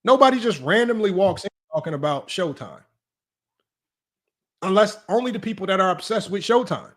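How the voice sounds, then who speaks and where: A man hosting a sports debate livestream, talking brashly and teasing his chat in quick casual commentary. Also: high voice, sing-song, fairly bright tone. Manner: brash, rapid, teasing, talks straight to chat. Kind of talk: casual live-stream commentary.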